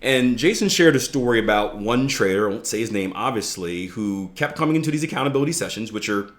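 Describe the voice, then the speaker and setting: A man hosting a trading podcast, explaining ideas in a relaxed, conversational way with playful asides and frequent "right?" checks to the listener. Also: on the low side, fast. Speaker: trading coach and podcast host. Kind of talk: casual instructional podcast talk.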